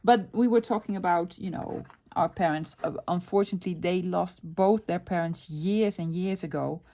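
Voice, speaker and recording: A middle-aged woman hosts a casual crafting video in a relaxed, running chatter. She talks to herself as she works, asks and answers her own questions, and breaks into easy laughs. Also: lowish voice, normal speed. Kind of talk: casual crafting tutorial chat.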